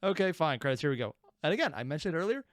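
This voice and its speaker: A man's voice: a little high, big pitch swings, racing. A man hosting a reaction video, who laughs and rambles in casual commentary and pokes fun at himself. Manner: laughing, rambling, self-deprecating.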